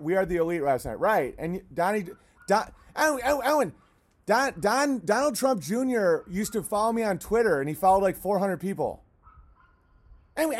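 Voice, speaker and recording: Male streamer, high voice, profane rambling rant. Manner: rambling, profane, cuts off to yell at barking dogs. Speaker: livestream host. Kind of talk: casual livestream rant.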